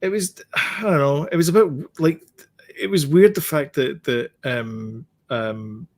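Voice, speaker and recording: A man's voice: on the high side, a little slow. A man co-hosting a podcast, giving blunt opinions in casual chat with many ums and restarts. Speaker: podcast co-host.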